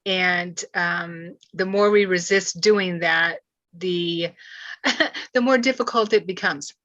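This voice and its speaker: Bright-voiced woman hosting a spiritual talk. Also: lowish voice, dry recording. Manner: earnest, halting with restarts. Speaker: host. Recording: dull, slightly lo-fi.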